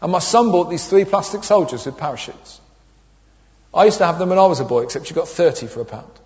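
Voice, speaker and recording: High-voiced preacher in an echoey hall. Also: male voice, animated, quick pace, a little mellow, highs cut off. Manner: humorous storytelling with acted quotes. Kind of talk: sermon.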